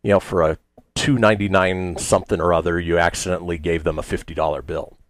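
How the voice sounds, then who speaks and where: A man from the United States hosting a radio talk show, chatting casually with lots of fillers in an animated way. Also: low voice, quick pace, dry recording.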